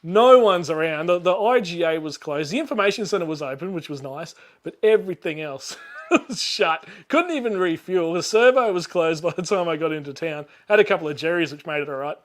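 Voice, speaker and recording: Chatty, high-voiced Australian man. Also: animated, brisk. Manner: rambling, laughs often, lots of fillers and restarts. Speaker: YouTuber guest. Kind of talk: casual storytelling chat.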